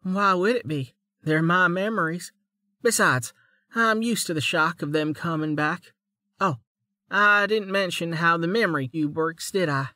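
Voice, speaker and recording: A man voicing a hesitant young woman warrior who speaks softly and matter-of-factly in an audiobook. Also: lowish voice, a little slow, no room sound, studio quality.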